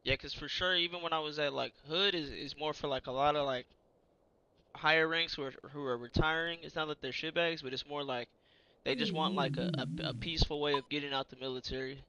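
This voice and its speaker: A young man with a bright, fairly high voice tells a story in a loose, casual way. He is animated and full of fillers, and he acts out the shouted quotes as he goes. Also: fairly quick, clean tone, poor audio.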